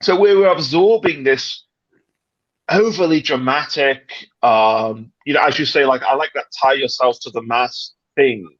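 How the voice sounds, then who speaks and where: A British man in casual livestream chat, talking in an animated, dramatic, rambling way with many restarts. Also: mid-range voice, unhurried, dry recording, highs cut off. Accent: British English. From Britain. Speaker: livestream panelist.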